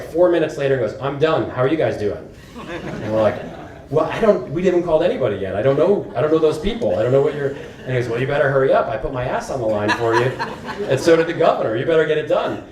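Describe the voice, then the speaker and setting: A man telling a startup founder story in a casual way, acting out the lines of the people in it. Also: mid-range voice. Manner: animated, acts out quoted dialogue. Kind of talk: anecdotal storytelling talk. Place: conference hall. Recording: roomy, distant mic, faint noise.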